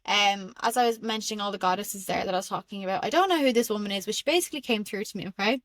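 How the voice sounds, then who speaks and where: A young Irish woman hosting a podcast, telling spiritual stories in an excitable, rambling way with frequent laughs. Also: mid-range voice, rapid-fire, dry recording. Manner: excitable and rambling, laughs often, many fillers. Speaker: podcast host. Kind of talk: casual spiritual storytelling monologue.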